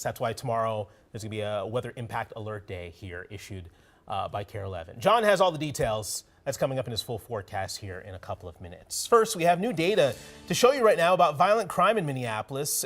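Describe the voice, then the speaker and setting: A man's voice: medium pitch, very animated, brisk. A male morning news anchor reading intros and joking with his co-anchors. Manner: playful, joking.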